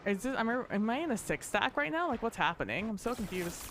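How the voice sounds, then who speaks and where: Excitable, foul-mouthed woman streamer. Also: a little high, fast talker, a little hiss or hum. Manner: profane, excitable, bursts of laughter. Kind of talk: live gameplay commentary.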